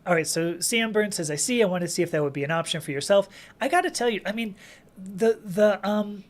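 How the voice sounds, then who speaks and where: A woman's voice: mid-range voice, fairly quick. A woman hosting a casual livestream Q&A, chatting and reading viewer comments aloud with frequent laughs and restarts. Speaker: livestream host answering chat questions.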